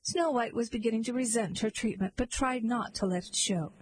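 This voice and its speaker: Woman narrator, deadpan and wry, husky voice. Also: fairly high pitch, fairly quick, rough recording. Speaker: storyteller. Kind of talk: scripted narration.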